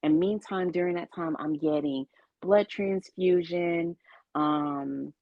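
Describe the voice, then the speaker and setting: Interview guest, woman, low-pitched and unhurried, earnest testimony; dry, slightly muffled audio. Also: no echo. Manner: earnest, faith-filled storytelling with quoted dialogue.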